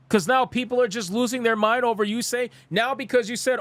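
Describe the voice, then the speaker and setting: A young man hosting a live gaming news stream, ranting bluntly and with exasperation. His voice sits a little high for a man and sounds close and dry on a desk mic. He swears freely and reads viewer comments aloud. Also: fast, few pauses, fairly bright tone, dry recording.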